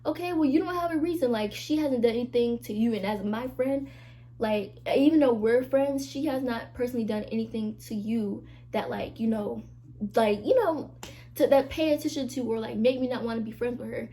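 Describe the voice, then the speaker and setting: A young woman vlogging in a frank, chatty way, her voice sitting a little high but soft and mellow in tone. She talks straight to her viewers with emphatic asides, like a friend spilling about her life. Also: normal speed. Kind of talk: casual confessional chat to camera.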